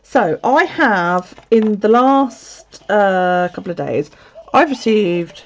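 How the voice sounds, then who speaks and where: A woman's voice: medium pitch, animated, takes it slowly. Chatty, swearing woman vlogger. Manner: chatty, swears freely, lots of laughter. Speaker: video creator. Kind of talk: casual live chat to viewers. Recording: dull lo-fi sound.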